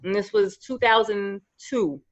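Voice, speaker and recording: A woman in her thirties from New York, a podcast guest telling her career story in lively casual chat. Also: mid-range voice, unhurried. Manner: animated storyteller, acts out quoted voices. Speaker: podcast guest, makeup artist. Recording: slightly dull lo-fi audio.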